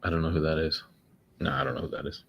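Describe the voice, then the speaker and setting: A man's voice: rumbling low, steady tone, fast talker, gravelly, highs cut off, slight background noise. A man giving casual, profane, grumbling commentary as he day trades on stream. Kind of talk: casual live commentary while trading.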